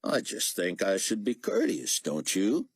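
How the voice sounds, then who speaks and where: A man voicing a laconic American pilot with dry, deadpan wisecracks. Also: fairly low pitch, a little slow, creaky, husky, no room sound, voice pushed up, full character voice. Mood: wry.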